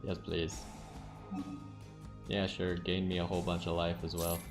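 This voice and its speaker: A man calmly narrating his card game moves and thinking aloud as he plays. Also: low voice, a little slow, over music. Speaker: gaming channel host. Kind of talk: casual game commentary.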